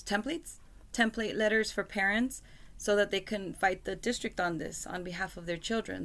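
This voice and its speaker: A woman's voice: medium pitch, moderate pace, a bit bright. A mother talking casually to her computer camera at home, rambling and apologizing often, with lots of fillers. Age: adult with a school-age son. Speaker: parent vlogger. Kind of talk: casual vlog talk. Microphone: computer webcam mic.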